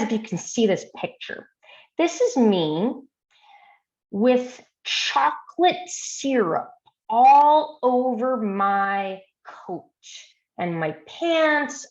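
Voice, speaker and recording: Animated woman telling an earnest story. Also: on the high side, roomy sound, lo-fi sound. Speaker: physician and workshop presenter. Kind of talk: storytelling presentation.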